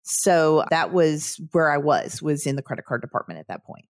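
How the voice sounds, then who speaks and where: A woman in her fifties, a credit union CEO, tells personal stories as a guest on a podcast interview, recounting events earnestly and vividly and quoting her own inner thoughts. Her low voice is very animated at a normal speed. The recording is dry and close, with no echo or room sound.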